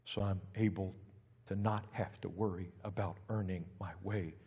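A male pastor preaching a sermon, building from steady talk to loud, emphatic peaks. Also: sits low, moderate pace, slightly rough, lo-fi sound. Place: church sanctuary. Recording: reverberant church hall.

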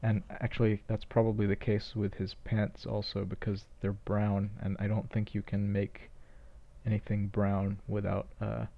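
A man's voice: fairly low pitch, completely flat delivery, moderate pace, gravelly, dull audio. A man casually commentating a playthrough of a game he made, with offhand, self-mocking asides. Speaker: game creator commentating his own game.

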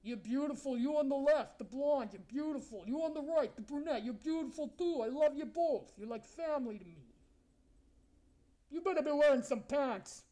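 A brash, ugly male monster with razor teeth, voiced by a performer heckles strangers in a comedy video-chat skit. His voice sits high and mellow. He talks in crude, mock-flirty taunts. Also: animated, moderate pace. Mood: brash taunting.

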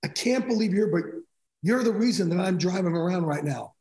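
Recorded in an echoey room, a middle-aged man tells stories as a sports broadcaster guest in a casual interview. His high-pitched voice runs a little fast, and he animatedly re-enacts conversations in quotes.

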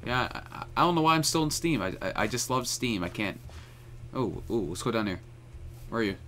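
A man's voice: medium pitch, expressive, a little fast, a bit bright, slight background noise. A young man hosting a casual let's-play, jumpy and stammering, often nervous. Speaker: gaming channel host.

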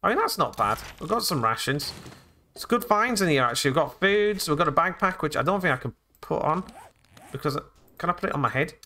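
A man's voice: on the high side, animated, fairly quick, pushed and bright, a little hiss or hum. A man hosting a let's play video, chatting and joking his way through a game and talking to the characters. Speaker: gaming channel host.

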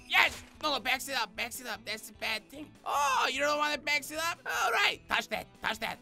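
A man giving excitable game commentary in deliberately broken English, often shouting and swearing, with music playing under his voice. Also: extremely high pitch, vocal fry. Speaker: gaming commentator. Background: background music.

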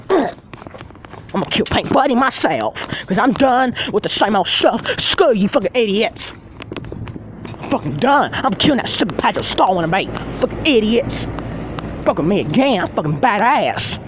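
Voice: medium pitch, a little hiss or hum, lightly acted, low-quality recording. A performer voicing a foul-mouthed, furious male villain who rants and threatens in a fan-made machinima. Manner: ranting, swearing, threatening.

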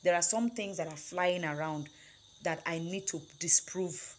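A woman's voice: lowish voice, measured pace, slight background noise. A woman teaching snail farming, stressing key words and checking in with "right?" and "okay?". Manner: emphatic, repeats key words with tag questions. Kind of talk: instructional talk.

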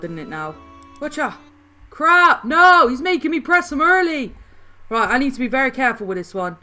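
A woman playing a video game and commenting as she goes, excitable, often crying out and repeating words when things go wrong, a little hoarse. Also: a little high. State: slightly hoarse. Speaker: gaming channel host. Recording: faint background music.

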